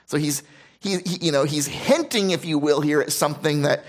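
A man delivers a sermon in a voice pitched a little high. He reads scripture aloud, then breaks off to explain it, repeating key phrases for emphasis and restarting his sentences. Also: lively intonation, quick pace, creaky. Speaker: pastor.

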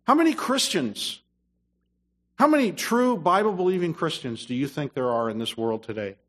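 A man preaches a sermon from the pulpit. His voice sits a little high for a man. He drops into low, quick asides, then climbs to loud, emphatic stretches of scripture. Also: expressive. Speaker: pastor.

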